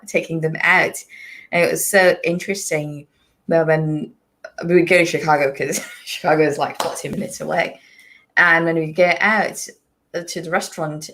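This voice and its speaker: A woman hosting a podcast discussion, talking earnestly and repeating points for emphasis. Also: deep voice. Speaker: podcast host. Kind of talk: casual discussion.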